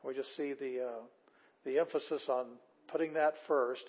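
It's a casual, enthusiastic Greek class: the man reads Bible verses and explains them word by word, using fillers and excited asides. His mid-range voice keeps fairly even intonation at normal speed, and the lo-fi audio is slightly dull.

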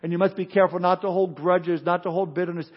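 A man with a somewhat high voice preaches a sermon, mixing earnest warnings with humorous stories. The recording is dull and lo-fi, with muted highs. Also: fairly even intonation, fast. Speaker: pastor.

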